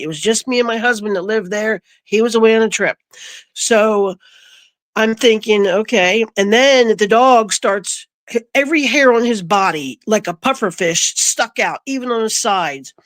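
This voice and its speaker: A middle-aged woman, a podcast guest, telling a personal story in an animated, breathless way full of "like" fillers. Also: medium pitch, dry recording.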